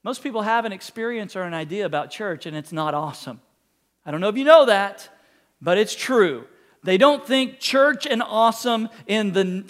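A man preaching a sermon, telling a story and acting out the quotes in it, with jokes and asides. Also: high-pitched. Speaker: pastor.

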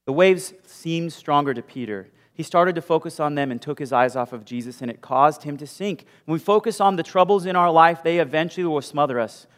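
A male pastor preaching a sermon with animated storytelling, moving from loud bursts to hushed asides. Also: a little high, brisk, hardly any pauses. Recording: long hall reverb.

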